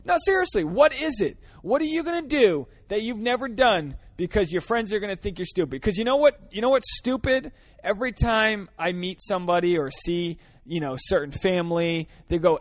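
A man hosting a solo podcast from his parked car, ranting earnestly with lots of swearing, swinging between fired-up pleas and quieter reflection. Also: sits high, lively intonation, normal speed, dry recording. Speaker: podcast host.

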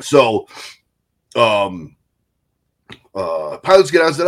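A man's voice: lowish voice, slow pace, long pauses. Man telling stories, swearing freely. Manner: profane, animated storytelling. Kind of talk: casual chat.

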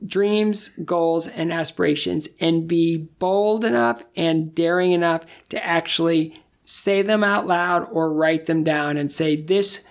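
Gravelly middle-aged man telling stories. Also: on the high side, unhurried. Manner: self-deprecating, joking. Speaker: guest. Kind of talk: casual interview storytelling.

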